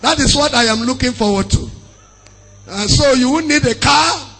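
Man, middle-aged, preacher, very high-pitched, fervent, shouts and sings scripture. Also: moderate pace, gravelly, breathy edge, soft background music. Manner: fervent, swings between shouting and softly singing scripture. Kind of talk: sermon with questions and answers.

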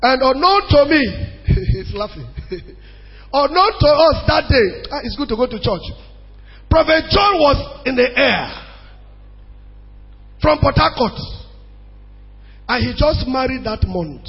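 A pastor preaching in a large church hall, his very high voice carrying long reverb through a muffled, dull recording. He shouts and sings his lines in waves and slips into pidgin English. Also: big pitch swings, slow pace, long pauses. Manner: preaching with shouts, sing-song swells and laughter, mixing in pidgin. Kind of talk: sermon.

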